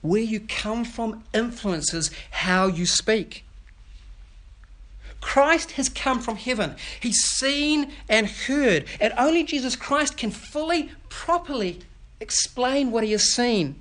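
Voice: mid-range voice, expressive, slow, fairly bright tone. A pastor preaching an earnest sermon that explains scripture and puts questions to the children.

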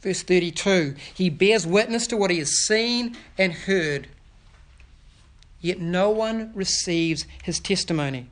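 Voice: mid-range voice, unhurried. A pastor preaching an earnest sermon that explains scripture and puts questions to the children.

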